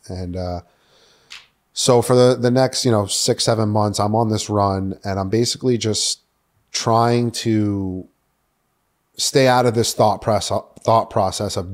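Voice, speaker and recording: Man, 30s, from New York City, podcast guest, somewhat low pitch, frank, swears, lots of fillers. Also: fairly even intonation, moderate pace. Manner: candid, swears freely, many fillers like "uh" and "like". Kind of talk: personal story in casual conversation.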